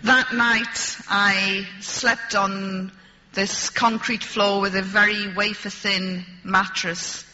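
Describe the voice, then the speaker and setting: Slow, wry woman telling a story. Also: medium pitch, little pitch movement, pushed and bright, in a large hall, dull audio. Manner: dry, wry humor, deliberate. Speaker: speaker addressing an audience. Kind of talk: storytelling talk.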